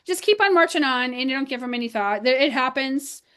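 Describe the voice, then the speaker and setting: A woman's voice: high-pitched, animated, a little fast, a bit bright, clean tone. A woman who coaches cleaning business owners, co-hosting a casual podcast and telling frank stories about difficult clients. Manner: blunt, candid storytelling.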